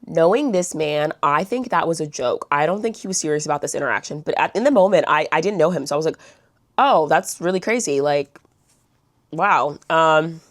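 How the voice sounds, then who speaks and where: A woman's voice: deep voice, quick pace, few pauses, no echo, studio quality. A young woman vlogger telling a storytime in a blunt, chatty way, swearing and saying "like" a lot. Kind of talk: storytime vlog.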